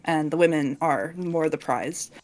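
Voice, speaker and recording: A woman co-hosting a casual podcast interview, encouraging and halting with fillers. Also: deep voice, a little mellow. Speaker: podcast co-host.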